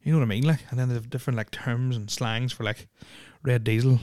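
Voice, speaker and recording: A young Irish man chats loosely into a close podcast mic, swearing freely and stringing thoughts together with endless fillers. His voice sits at a middling pitch. The sound is dry and close, with no room around it. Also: fairly even intonation, a little fast, a little mellow, no echo. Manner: rambling, swears constantly, heavy use of "like". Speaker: podcast host. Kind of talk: casual podcast chat.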